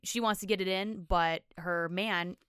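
A woman's voice: lowish voice, steady tone, unhurried, fairly bright tone, smooth, no echo, clean studio sound. A woman co-hosting a podcast, chatting casually about a reality show and reading out listener comments. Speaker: podcast co-host.

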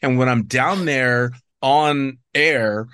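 A man's voice: mid-range voice, takes it slowly, smooth, no room sound. A man hosting a podcast, chatting casually, agreeing with his guest and swearing now and then. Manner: relaxed, affirming, swears casually. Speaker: podcast host. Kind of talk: casual chat.

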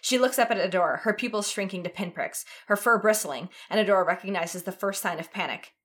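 A woman reading fan fiction aloud in an expressive, dramatic way. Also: medium pitch, fast. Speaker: reader.

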